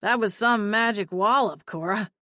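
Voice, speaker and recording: A woman voicing an earnest, apologetic young man with a gentle, sheepish manner, in a dry audiobook reading. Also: medium pitch, normal speed, no room sound, close to an everyday voice.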